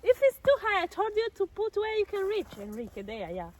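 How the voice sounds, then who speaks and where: Lively high-voiced Rwandan woman vlogging outdoors. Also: a little fast. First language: Kinyarwanda. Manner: animated, coaxing, mixes English with Kinyarwanda, laughs often. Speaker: vlogger filming with her son. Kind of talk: casual outdoor vlog. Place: outdoors in snow. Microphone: phone camera.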